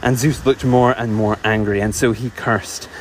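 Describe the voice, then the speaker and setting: A man telling a myth in a relaxed, chatty way, full of ums and asides. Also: fairly low pitch, normal speed, slight background noise. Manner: chatty, digressive, laughs often, many fillers. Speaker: storyteller. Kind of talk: casual oral storytelling.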